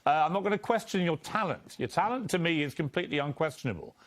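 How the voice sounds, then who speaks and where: A man with a British accent, a talk show host, questioning a guest in a measured, pressing way. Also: fairly high pitch, lively intonation, dry recording. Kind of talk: interview questioning.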